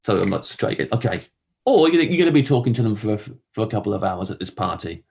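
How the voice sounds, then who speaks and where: A man performing a rambling, self-deprecating stand-up monologue, often jumping up high to act out other people. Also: a little fast, gravelly, a little mellow, a little hiss or hum. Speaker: comedian.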